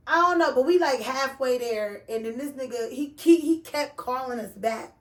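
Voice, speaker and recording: A woman's voice: high voice, moderate pace. A woman with a Texas accent telling a story casually, full of slang and swearing, acting out the other people's lines. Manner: animated, profane, slangy, acts out quoted voices.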